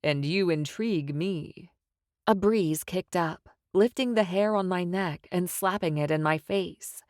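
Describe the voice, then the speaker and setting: A woman narrating a first-person fantasy audiobook in a steady, expressive storytelling manner. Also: on the low side, measured pace, hardly any pauses, dry recording, clean studio sound.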